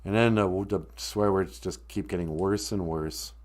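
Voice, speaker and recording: A man's voice: low voice, normal speed, a little mellow. A man hosting a casual comedic chat, rambling and joking with strong opinions. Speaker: podcast host.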